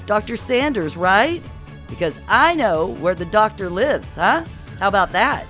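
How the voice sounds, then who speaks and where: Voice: mid-range voice, very animated, a little slow, pushed and bright, pitched above the performer's own voice. A flustered suburban everyman in his forties, acted by an audiobook narrator, pleading and scrambling as he talks. Faint music sits under the storybook reading. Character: fortyish suburban everyman husband.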